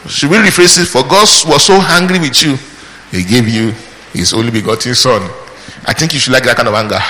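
With a bright, forceful mid-range voice, a preacher drives his sermon home emphatically, asking his listeners questions he then answers and shouting praise between points. The recording carries a long hall reverb and faint background noise.

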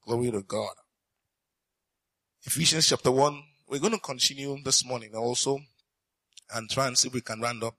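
A man preaching a sermon as pastor, reading scripture slowly and asking the congregation questions he then answers. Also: medium pitch, pushed and bright, no echo, poor audio. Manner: reads scripture slowly and deliberately.

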